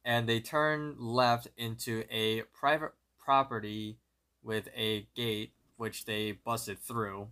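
Slow, bright-voiced young man narrating. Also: medium pitch, clean tone. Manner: steady, methodical retelling with small slips. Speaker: podcast co-host. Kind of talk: plot narration recap.

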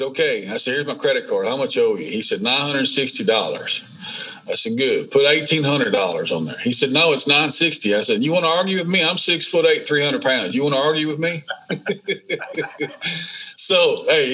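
A man, a business owner being interviewed, telling stories in a casual, animated way and acting out the dialogue. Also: mid-range voice, slightly rough, low-quality recording. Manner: animated, acts out dialogue in storytelling. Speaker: welding business owner, guest. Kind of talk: casual storytelling.

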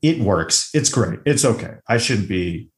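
A man's voice: fairly low pitch, a little slow. A man co-hosting a podcast, chatting casually about a film, joking and acting out quotes as he talks. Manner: animated, joking, acts out quotes. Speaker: podcast co-host. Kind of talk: casual film review chat.

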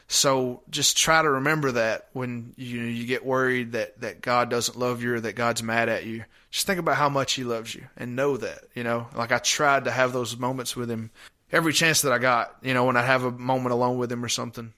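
A man's voice: medium pitch, fairly even intonation, a little fast, bright, forceful tone. A man in an interview, reflecting openly on anxiety and family in a tender, conversational way. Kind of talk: candid personal recollection.

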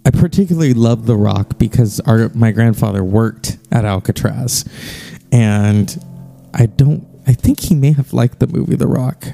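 A man's voice: fairly low pitch, creaky, mellow. A man hosting a solo podcast, talking in a rambling, conversational way with hesitations. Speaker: podcast host. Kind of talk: casual solo podcast monologue.

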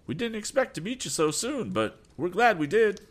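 A man's voice: high voice, very animated, normal speed, pitched above the performer's own voice. A man voicing a scheming rival agent who taunts with a mocking tone. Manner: sneering, taunting.

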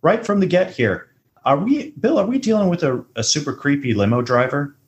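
A man co-hosting a movie podcast in casual chat, joking and getting animated as he riffs on scenes. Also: a little fast. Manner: animated, jokey, rises high when riffing. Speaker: podcast co-host.

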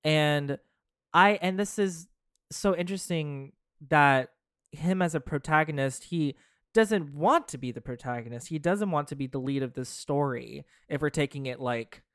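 A podcast co-host chats casually through ideas, hedging and restarting as thoughts take shape. The smooth, clear, mid-range voice is slightly bright, at normal speed, recorded dry and close with no room sound.

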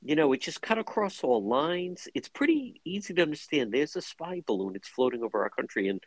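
Animated male talk radio host. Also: fairly high pitch, no room sound, rough recording. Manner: animated, quick interjections.

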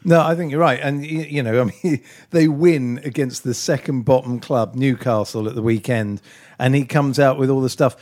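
A man's voice: mid-range voice, steady tone, moderate pace, darkish tone. A man hosting a casual football podcast chat, talking in a chatty way. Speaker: podcast host.

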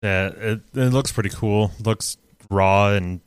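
A man's voice: fairly low pitch, takes it slowly, clean tone, no echo. A young man co-hosting a podcast in casual chat, laid-back, swearing freely and trailing off mid-sentence. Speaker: podcast co-host.

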